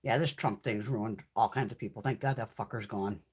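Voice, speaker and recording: With a very deep, slightly rough voice and a brisk delivery, a woman in her fifties hosts a casual beauty livestream. She rants bluntly from her home in the mountains, cursing constantly.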